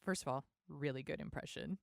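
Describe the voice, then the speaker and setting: Female podcast host, chatty, lowish voice, dry close sound. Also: brisk, creaky, no echo. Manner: chatty and upbeat, with frequent fillers. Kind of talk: casual chat. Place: home, San Francisco.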